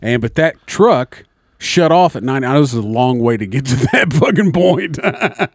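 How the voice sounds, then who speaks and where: A man's voice: medium pitch, expressive, moderate pace, slightly rough, no echo. Young guy a bit buzzed, rambling and swearing thru a story, dry mic. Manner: rambling, profane storyteller, acts out voices. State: slightly tipsy. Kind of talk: casual chat.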